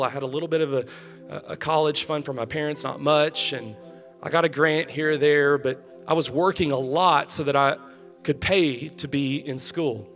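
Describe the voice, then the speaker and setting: A man in his thirties delivers a relaxed, conversational sermon to a young crowd, his voice sitting a little high. He mixes personal stories with direct, friendly advice. Soft music plays faintly underneath. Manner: casual, conversational preaching with storytelling. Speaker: pastor.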